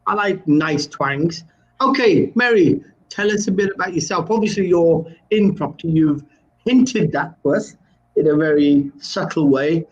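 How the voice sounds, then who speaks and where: A male host with a high voice runs a live online chat. He jokes with his guest and hesitates with many fillers. The sound is dull and lo-fi. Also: measured pace.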